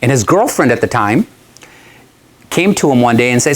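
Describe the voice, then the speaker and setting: Guy telling a story to a crowd, chatty and lively, laughs a lot, mid-pitch voice. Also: moderate pace. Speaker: guest speaker. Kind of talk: storytelling talk to an audience.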